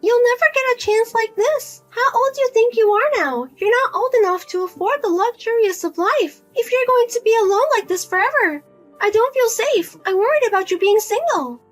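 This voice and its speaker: A woman's voice: extremely high pitch, animated, normal speed, soft background music. A woman voicing a pushy middle-aged mother who nags and guilt-trips her grown daughter. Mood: nagging, whiny. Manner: nagging, pleading, guilt-tripping.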